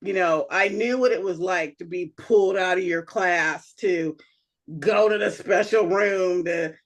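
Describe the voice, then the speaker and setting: A woman's voice: on the low side, a little slow. Laughing, rambling woman co-host. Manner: rambling, full of "you know" and restarts; laughs often while telling stories. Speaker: podcast co-host. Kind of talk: casual chat.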